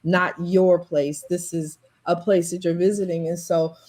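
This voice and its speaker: A woman's voice: fairly low pitch, flat delivery, measured pace, a little mellow. An American woman who works in leadership development, speaking thoughtfully and emphatically on a video call. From United States. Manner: thoughtful, emphatic, repeats for stress. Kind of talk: casual online panel chat.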